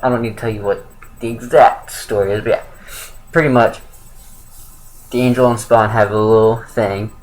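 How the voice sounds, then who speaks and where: A man's voice: fairly low pitch, steady tone, moderate pace, pauses often, low-quality recording. A young man giving a casual, rambling spoken review of a comic book, with lots of fillers and self-corrections.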